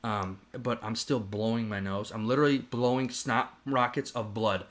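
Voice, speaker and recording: A man on a podcast telling a story in casual chat, animated and profane, rambling with restarts. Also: mid-range voice, normal speed. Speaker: podcast host.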